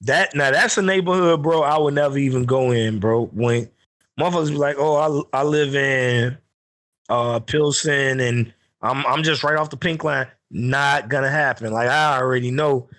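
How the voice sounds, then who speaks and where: A man from Chicago co-hosting a podcast, telling profane, animated stories in casual chat. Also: medium pitch, moderate pace. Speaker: podcast co-host.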